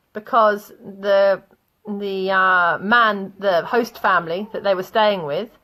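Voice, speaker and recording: Woman, teacher, chatty, laughs a lot, anecdotes, middle pitch. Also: fairly bright tone. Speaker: English teacher. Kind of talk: online English vocabulary lesson.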